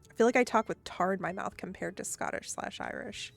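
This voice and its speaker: A woman streamer speaks with a Midwestern American accent carrying a trace of the South. Her voice sits at a middle pitch, relaxed and chatty, breaking into giggles as she thinks aloud between viewer comments. Soft music plays faintly underneath. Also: a little fast, vocal fry. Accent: Midwestern American with a touch of Southern. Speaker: live streamer. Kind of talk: casual live-stream chat, reading viewer comments.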